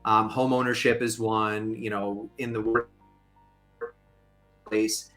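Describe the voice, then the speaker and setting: A man's voice: fairly low pitch, little pitch movement, slow pace, fairly bright tone, faint music behind. A man as a podcast guest, a fair lending consultant, explaining in an emphatic way with joking asides. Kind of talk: podcast interview.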